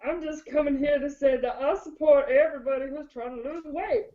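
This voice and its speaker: A sweet, pampered little girl dog, as a woman puts her on, chirping in a high, cutesy, giggly voice that adores her mommy. The sound is muffled and lo-fi, like an online call. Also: steady tone, brisk, mellow, natural voice. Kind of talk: playful pet role-play on a chat show.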